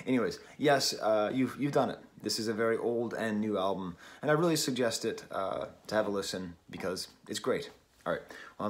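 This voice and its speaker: A man's voice: lowish voice, lively intonation, moderate pace. A man from New England giving a casual, wry album review at home, often laughing at himself. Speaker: record reviewer. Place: at home, early morning. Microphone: camera mic.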